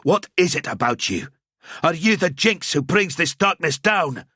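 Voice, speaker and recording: A man voicing a gruff male knight captain who shouts harsh commands in the middle of a battle. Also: on the high side, lively intonation, a little slow, no echo, studio quality, voice pushed up, exaggerated voice. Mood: snarling.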